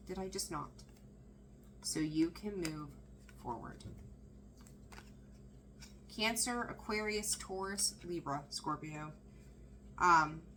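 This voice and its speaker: A woman giving a casual, excitable tarot reading, chatting and laughing as she breaks off mid-sentence. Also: lowish voice, slight background noise, poor audio. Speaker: tarot reader.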